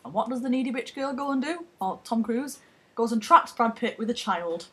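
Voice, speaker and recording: A woman's voice: a little high, lively intonation, a little fast, husky. A young woman, chatting casually and retelling a film plot in a rambling, sweary, giggly way. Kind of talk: casual comedic chat.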